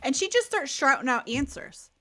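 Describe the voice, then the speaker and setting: A woman's voice: high-pitched, big pitch swings, moderate pace, fairly bright tone. A woman co-hosting a podcast, telling a childhood story in casual chat, acting out quotes and laughing often. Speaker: podcast co-host.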